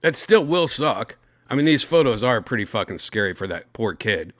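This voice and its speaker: Clean studio audio with no echo captures a man of medium pitch hosting a podcast. Speaking at a moderate pace, he reads news stories in a casual chat, exclaiming loudly and swearing a lot.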